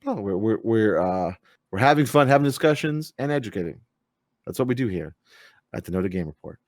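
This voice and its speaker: Low-voiced man rambling on a stream. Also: lively intonation, brisk, dry recording, studio quality. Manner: rambling, loose with fillers and swearing. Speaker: podcast host. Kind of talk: casual live-stream chat.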